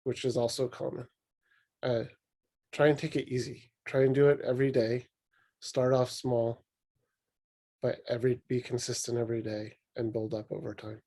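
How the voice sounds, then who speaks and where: A man co-hosting a podcast, giving relaxed, plain-spoken advice in a casual way. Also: medium pitch, moderate pace, pauses often. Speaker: podcast co-host.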